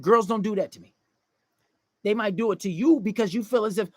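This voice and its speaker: A man's voice: sits high, a little fast, long pauses, no echo, clean studio sound. A man giving dating advice in a casual livestream monologue, blunt and profane, lecturing and acting out quoted voices.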